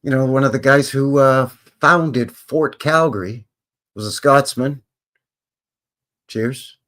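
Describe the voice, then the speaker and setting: A man's voice: medium pitch, slow, a bit bright. A man hosting a casual livestream from a room at home, chatting in a rambling way and interrupting himself. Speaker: channel host. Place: home room with windows open.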